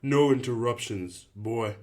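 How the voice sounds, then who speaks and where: A man reading an audiobook, voicing a rough, bossy teenage boy who leads a group and talks in gruff slang. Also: fairly low pitch, moderate pace, close to an everyday voice. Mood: shouting. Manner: gruff slangy talk, snaps and shouts.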